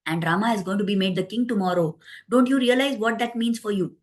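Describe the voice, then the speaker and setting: A scheming old nursemaid scolds and presses, firing one urgent question after another, as a woman storyteller puts her on. Her voice sits mid-high, told as part of a spoken epic retelling. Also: fast, natural voice. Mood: scolding.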